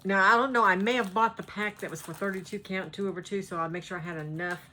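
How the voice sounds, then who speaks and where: A woman's voice: medium pitch, quick pace, sharp tone. A woman with a Southern American accent, chatting casually at home as a cross-stitch vlogger, rambling and laughing often. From North Carolina. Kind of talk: casual chat.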